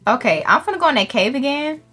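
A woman streamer giving loud, profane, excitable commentary while playing a game, shrieking when something startles her. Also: high-pitched, fast talker. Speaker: gaming streamer. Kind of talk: let's play commentary.

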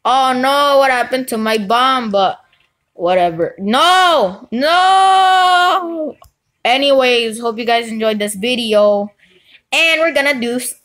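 High-voiced excitable woman gaming host. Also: unhurried. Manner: excitable, frequent outbursts and shouting; rambling, unsure asides. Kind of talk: live gameplay commentary.

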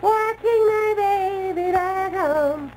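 A man's voice: extremely high pitch, slow pace, a little mellow, soft background music, low-quality recording. A man voicing a giddy young female weather balloon who dreams of show business, in a 1960s radio comedy bit. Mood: warbling.

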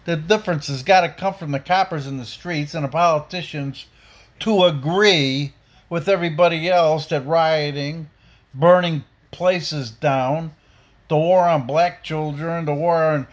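A man's voice: on the high side, a little slow. A man delivering a blunt, profane, heated opinion rant as a podcast host.

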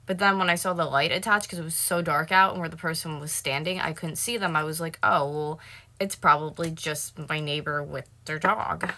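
A woman's voice: low-pitched, steady tone, moderate pace, bright, forceful tone. A woman in her late twenties telling a story to camera in a casual vlog, swearing and heated. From North America. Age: late 20s. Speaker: vlogger.

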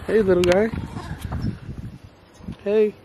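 A woman's voice: mid-range voice, fairly even intonation, slow. A woman chatting casually and teasingly while vlogging outdoors on a farm. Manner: teasing, playful. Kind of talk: casual vlog chat. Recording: noisy outdoor recording.

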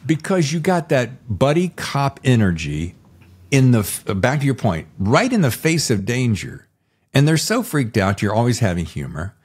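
A man's voice: mid-range voice, wildly swooping pitch, moderate pace, husky. A man hosting a podcast interview, chatting in an effusive, rambling, enthusiastic way. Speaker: podcast host. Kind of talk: casual interview chat.

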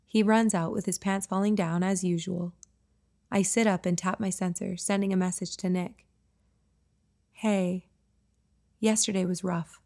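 A woman reading her own novel aloud as a first-person audiobook narration. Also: warm tone. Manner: voices the boys' lines higher and livelier.

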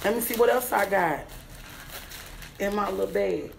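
A young adult woman comedian, loud and excitable, swearing freely and chanting words over and over as she unboxes a gift bag on a casual livestream. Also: medium pitch, normal speed, gravelly, slight background noise. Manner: loud, excitable, profane, sing-song repeating. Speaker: comedian and businesswoman.

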